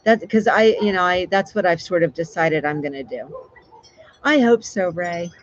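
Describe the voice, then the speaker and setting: A woman's voice: fairly low pitch, normal speed. Female livestream host, chatty and rambling, restarts her sentences, slightly lo-fi sound. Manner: chatty, rambling, warm with frequent fillers and restarts. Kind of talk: casual live chat with viewers.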